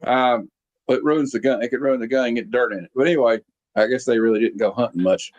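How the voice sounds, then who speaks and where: A man's voice: mid-range voice, fast talker, darkish tone, dull audio. A man hosting a casual movie review chat, rambling along with lots of fillers and restarts. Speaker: podcast host reviewing a movie. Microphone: video call.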